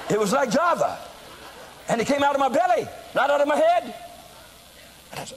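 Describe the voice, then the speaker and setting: A man from the United States preaching, telling a story from the pulpit and swinging from quiet asides to loud acted shouts. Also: high-pitched, big pitch swings, measured pace, long pauses, background noise. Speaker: evangelist preacher. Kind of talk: sermon storytelling.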